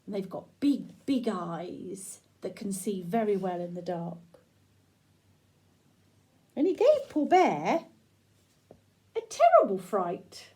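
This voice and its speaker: Gentle woman reading a picture book. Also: mid-range voice, sing-song. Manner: gentle, slow, sing-song with questions to the listener. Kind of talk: children's read-aloud storytelling.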